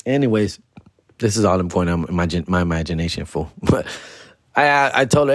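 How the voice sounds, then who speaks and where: A man's voice: low voice, expressive, fairly quick, no echo. Profane slangy male comedian, dry sound. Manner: profane, slangy, mixes in Spanish words. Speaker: comedian podcast host. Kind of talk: comedic storytelling.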